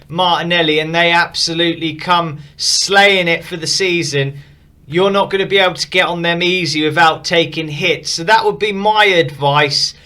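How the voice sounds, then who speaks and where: A man's voice: on the high side, sharp tone. A man casually reviewing and rating viewers' fantasy football teams, frank and opinionated but upbeat. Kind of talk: casual commentary.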